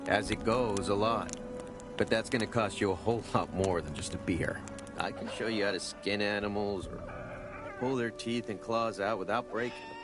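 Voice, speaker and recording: A man's voice: on the low side, normal speed, lightly acted. An actor playing a blunt, greedy male hunter in a video game who talks in a sardonic, haggling way. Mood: gruff. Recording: game music behind.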